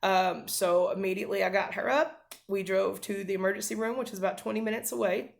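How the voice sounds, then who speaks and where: A woman's voice: medium pitch, fairly even intonation, a little fast, vocal fry. A woman in her thirties, a mother, earnestly telling a family story to camera, with many fillers and restarts.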